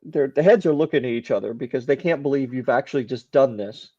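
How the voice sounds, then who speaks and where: A man narrating a tabletop game as game master, calm and dry-humored, on a dull lo-fi recording. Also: mid-range voice, quick pace, no room sound.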